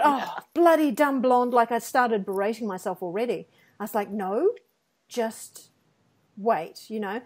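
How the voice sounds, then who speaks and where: A woman co-hosting a podcast, telling personal anecdotes in casual conversation and acting out quotes. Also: on the high side. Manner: animated anecdotes with acted-out quotes and self-deprecating laughs. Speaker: podcast co-host.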